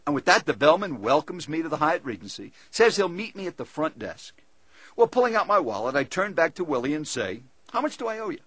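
Husky-voiced male speaker, animated storytelling, higher-pitched delivery. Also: a little fast, no room sound. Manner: lively, conversational, animated storytelling. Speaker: seminar speaker. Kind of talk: first-person storytelling talk.

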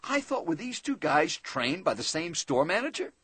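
Lively husky male sales trainer. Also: a little high, normal speed, no room sound. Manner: conversational, addresses listener directly, asks tag questions. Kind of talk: motivational seminar storytelling.

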